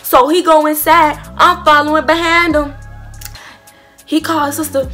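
A young woman tells a story in a high, bright voice. She is animated and swears freely, with faint music under her. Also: normal speed, long pauses. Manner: animated, profane, acts out quotes. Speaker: vlogger. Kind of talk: casual storytime.

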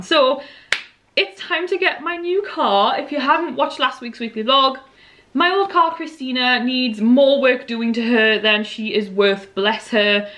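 A woman's voice: high voice, fairly bright tone. A young woman chatting casually to camera in a vlog, rambling with fillers, her voice a little worn. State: slightly losing her voice. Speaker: vlogger.

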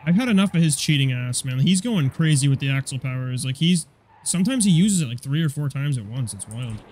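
A young man giving casual, profane commentary over a car combat game, rambling and quick to get annoyed. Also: mid-range voice, animated, darkish tone, husky. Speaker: gameplay commentator.

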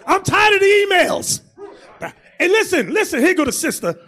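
A man preaching as a bishop in a loose, comic style, animated and often shouting, acting out quotes. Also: very high voice, normal speed.

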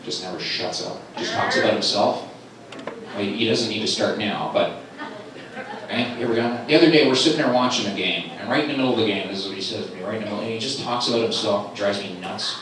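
A middle-aged man doing a stand-up set at a comedy club, telling stories animatedly and jumping into high squeaky voices for other people. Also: quick pace. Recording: live club recording from a distant mic, with an echoey room and crowd noise. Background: audience laughter.

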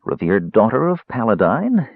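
A man voicing a young male mage who speaks softly with cynical, mocking sarcasm. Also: medium pitch, sing-song, normal speed, creaky, breathy edge, no echo, exaggerated voice. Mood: soft respectful. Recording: dry, slightly dull recording.

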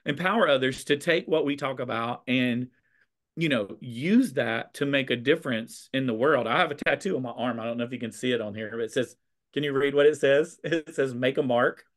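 Expressive Southern American man. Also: medium pitch, fairly quick. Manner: expressive, a bit sassy, warm storytelling. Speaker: teacher and conversation host. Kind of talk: casual video chat.

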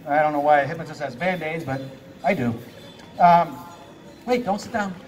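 Speaking at a moderate pace in a slightly high voice, a man performs as a stage hypnotist. Captured as distant live sound on a theater stage, his show patter features playful commands to volunteers and plenty of laughter.

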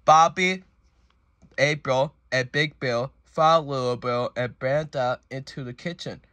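A reader reading a picture book aloud, halting often and restarting words. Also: mid-range voice, fairly bright tone, no room sound. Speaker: storybook reader. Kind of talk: read-along of a picture book.

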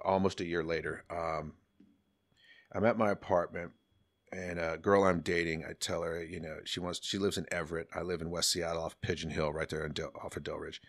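A man in his fifties swaps rowdy, profanity-laced stories as a podcast guest, talking in an animated, casual way. His voice sits on the low side and is recorded close and dry, with no room sound. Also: dry recording. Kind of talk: casual storytelling.

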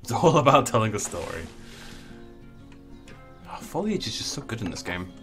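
A man's voice: fairly low pitch, sing-song, moderate pace, fairly bright tone, faint music behind. A man giving casual, playful commentary while he plays a video game, full of jokey asides. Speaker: let's play host.

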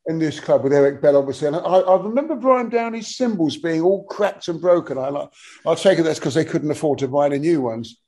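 A man's voice: a little high, fairly quick. Rambling man in his sixties. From England. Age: 60s. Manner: rambling, animated storytelling with frequent restarts; swears casually. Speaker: guest musician, bass player. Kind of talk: casual anecdotal interview talk.

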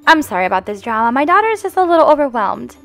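A woman hosting a family game roleplay as the mom, gentle and motherly in a singsong way. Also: high voice, big pitch swings, very fast, faint music behind. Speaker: channel host roleplaying the mom.

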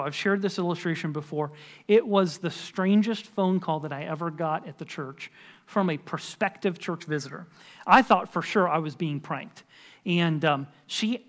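Emphatic pastor preaching a sermon. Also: male voice, high-pitched. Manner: conversational and emphatic, with frequent fillers. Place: church sanctuary.

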